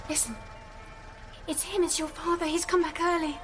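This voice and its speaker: Bossy, coaxing young woman with a high voice, played by an actress. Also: level tone, normal speed, music in the background. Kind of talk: audio drama acting.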